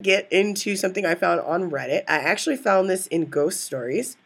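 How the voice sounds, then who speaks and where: A woman's voice: fairly low pitch, expressive, fairly quick, husky. A woman co-hosting a podcast in casual chat, rambling and teasing, often laughing. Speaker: podcast co-host.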